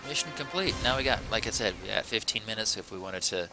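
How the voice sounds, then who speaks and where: A man's voice: on the low side, quick pace, over music, poor audio. A man hosting a let's play, chatting casually through the gameplay in a rambling, self-correcting, playful way.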